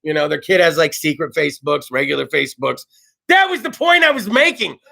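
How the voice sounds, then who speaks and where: A man's voice: a little high, big pitch swings, a little fast, gravelly, sharp tone. A man in his thirties from California hosting a casual talk show, rambling and profane. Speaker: host. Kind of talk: casual monologue. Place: studio.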